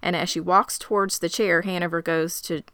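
Bright, crisp woman recapping a scene. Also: lowish voice, moderate pace, no echo, studio quality. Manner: animated storytelling, quoting characters. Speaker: podcast co-host. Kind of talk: casual recap chat.

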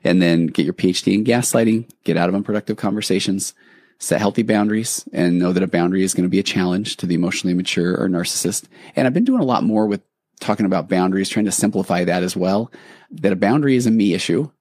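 A man's voice: sits low, fast talker, a little mellow, no echo, clean studio sound. A man hosting a podcast, talking in an earnest, reassuring and reflective way, with conversational restarts. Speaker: podcast host. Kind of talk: casual podcast monologue.

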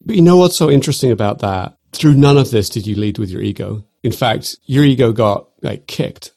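A man's voice: medium pitch, lively intonation, fairly quick, vocal fry, a little mellow, no echo, clean studio sound. A man hosting a casual interview, reflecting back on the guest's story with lots of "you know" and "like". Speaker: podcast host.

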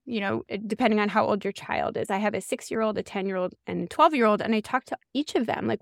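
A woman in her forties, a guest author explaining ideas in an animated podcast chat. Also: mid-range voice, fast, gravelly, few pauses, dry recording, studio quality. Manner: animated, uses many "like" fillers. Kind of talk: explanatory interview talk.

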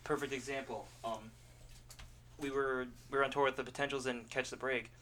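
A man hosting a casual podcast, asking questions and chatting in a quick, easygoing way. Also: mid-range voice, flat delivery, sharp tone, a little hiss or hum. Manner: quick, chatty, laughing easily. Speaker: podcast host.

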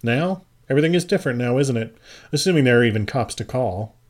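A man reading the part of an exhausted but hard-edged woman neighbor, speaking quietly and haltingly in an audiobook. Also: mid-range voice, expressive, close to an everyday voice. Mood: weary. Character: weary, tough-minded woman neighbor guarding sleepers.

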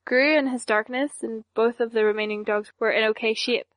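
A woman narrates a first-person audiobook at a steady, even storytelling pace. Her voice sits a little high. The recording is close and dry, with no room echo. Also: fairly quick.

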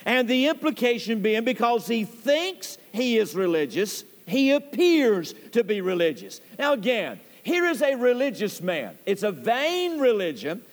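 A man preaching a sermon as pastor, speaking deliberately and stressing key words. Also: extremely high pitch, very animated. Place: church sanctuary. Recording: long church hall reverb.

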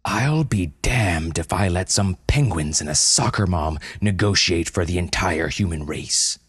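A man's voice: low voice, a little slow, gravelly, breathy edge, dry recording, studio quality, full character voice. A man voicing a cold, steely male government agent who talks with angry bluster in a told story. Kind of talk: storytelling audio drama.

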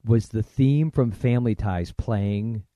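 A man's voice: on the low side, measured pace, dark tone, no echo, studio quality. A man co-hosting a movie podcast, bantering in a goofy, joking way. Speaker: podcast co-host. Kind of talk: casual movie podcast chat.

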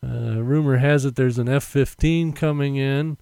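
This podcast host speaks in a smooth, warm, medium-pitched voice with vocal fry, keeping a steady tone at normal speed. He meanders casually through a filler-heavy monologue into a condenser mic while wearing headphones. The sound is studio quality, with no room sound at all.

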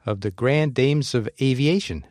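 A man's voice: medium pitch, unhurried, a little mellow. A man hosting a podcast, reading introductions and laughing easily in casual chat. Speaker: podcast host.

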